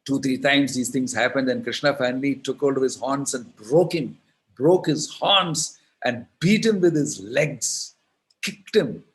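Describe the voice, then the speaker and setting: Indian monk telling a lively story. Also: male voice, medium pitch, a little slow. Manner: animated storytelling, acts out characters. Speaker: monk and preacher. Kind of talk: devotional storytelling sermon.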